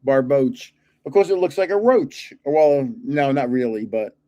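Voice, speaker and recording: A man's voice: mid-range voice, lively intonation, measured pace, warm tone. An older man hosting his own channel, chatting casually while opening card packs and chuckling at his own guesses. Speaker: card-collecting channel host. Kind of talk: casual pack-opening chat.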